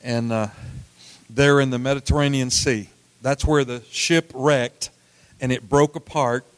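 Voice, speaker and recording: A middle-aged man preaching a sermon, telling folksy stories with repeated words and swings from loud to hushed. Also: mid-range voice, steady tone, measured pace, clear, resonant tone, dry recording. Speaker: pastor.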